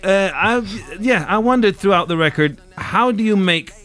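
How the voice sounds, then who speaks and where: A man's voice: high voice, lively intonation, moderate pace, a bit bright, clear, resonant tone. A man hosting a podcast, chatting casually about music in a wry, rambling way. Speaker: podcast host.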